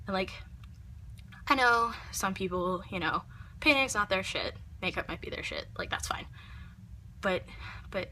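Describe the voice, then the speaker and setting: A young woman vlogs a heated rant, her voice bright and sharp-edged. She swears often and rambles, tossing in filler words as she works herself up. A faint room hum sits under her voice. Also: on the low side. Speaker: makeup vlogger. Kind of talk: ranting vlog monologue.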